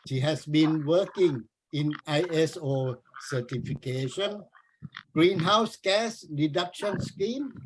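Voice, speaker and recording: A man's voice: on the high side, noisy background. A man hosting an online club meeting on a video call, formally introducing the next speaker in an announcing manner.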